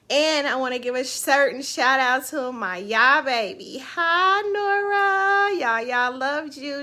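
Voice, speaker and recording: A woman's voice: a little high, sharp tone. A woman hosting an online live show, chatting casually and emotionally about her faith and her week. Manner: emotional, heartfelt, faith-filled talk. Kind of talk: casual livestream chat.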